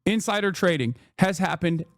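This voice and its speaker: A man's voice: high-pitched, expressive, moderate pace, dry recording, studio quality. A man in his thirties ranting sarcastically and with profanity as he reacts to news on a live stream. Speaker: political streamer. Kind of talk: casual reaction commentary.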